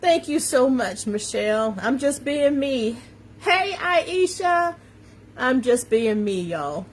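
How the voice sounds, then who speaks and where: A woman hosts a motivational live stream with a slight New York accent. She talks slowly and emphatically in a somewhat high voice, repeating phrases like a preacher and calling out viewers by name. Faint background noise runs under her voice. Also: animated, darkish tone. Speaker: confidence coach hosting a live stream. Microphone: phone or webcam on a social media live video.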